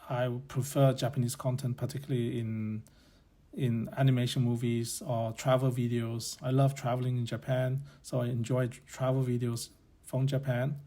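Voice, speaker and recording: A blunt podcast host whose first language is Chinese muses aloud in a casual opinion monologue. His mid-range voice is mellow, and he's opinionated, rambling and prone to correcting himself.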